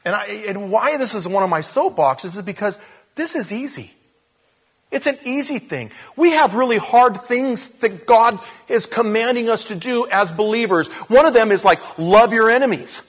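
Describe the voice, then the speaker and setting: A man's voice: high-pitched, lively intonation, normal speed, slightly rough. A male pastor preaching a sermon in a church, telling the story with jokes and acting out the scenes. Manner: jokey, storytelling preacher who acts out scenes.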